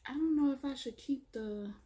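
A woman with kids doing a casual, chatty product review, excitedly addressing viewers as y'all. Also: sits high, normal speed. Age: adult, has kids. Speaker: beauty vlogger.

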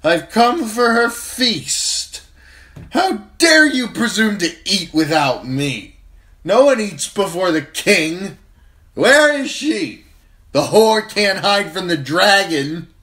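Screeching, slurring drunk young king, high and very loud, drags every word: bully with a crown. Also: lively intonation, heavily acted. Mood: drunken rage. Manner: shrill, shouting, slurred and slow. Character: drunken arrogant young exiled king, male.

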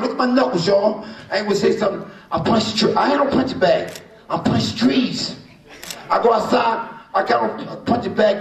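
An older boxer from New Jersey speaks at a press conference in a high, gravelly voice. He rambles and boasts playfully. The sound is echoey and comes from off the mic. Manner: rambling, boastful, playful, leans on "you know what I'm saying". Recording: echoey room from far off.

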